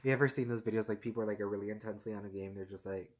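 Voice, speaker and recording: A man's voice: fairly low pitch, fairly even intonation, very fast, a little mellow. A man casually recapping a TV episode, rambling with lots of fillers and frequent laughs. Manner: rambling, heavy filler "like" and "and stuff like this"; laughs often while talking.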